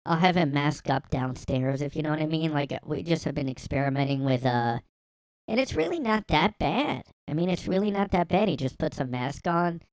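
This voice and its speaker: A man's voice: a little high, lively intonation, moderate pace, dry recording, pitched above the performer's own voice. A man voicing a chatty young woman who rambles and overshares about her boyfriend in a breezy tone.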